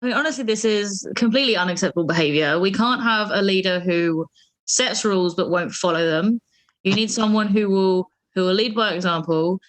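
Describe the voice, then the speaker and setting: Brief: comedian doing a brisk, self-righteous opposition leader, mid-pitched voice. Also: female voice, close to an everyday voice, rough recording. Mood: indignant. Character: male opposition leader, earnest then self-serving. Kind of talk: improvised comedy role-play.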